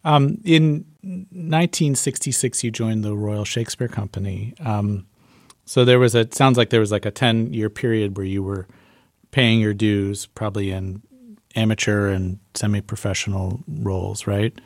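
A man's voice: lowish voice, steady tone, normal speed, dry recording, clean studio sound. A man hosting an interview, asking friendly, casual questions with easy fillers. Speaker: interviewer, host.

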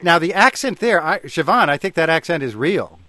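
A male radio host with a bright, forward voice. He introduces guests and callers in an easygoing way. The booth sound is dry and close. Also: fairly high pitch, lively intonation, moderate pace, no echo. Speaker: radio talk show host. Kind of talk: hosting a call-in radio show.

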